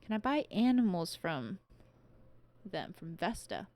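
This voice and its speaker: A woman's voice: lowish voice, sing-song, measured pace, long pauses, darkish tone, no room sound. A young woman streaming a farming game, chatting casually and thinking aloud as she plays. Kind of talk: casual gameplay commentary.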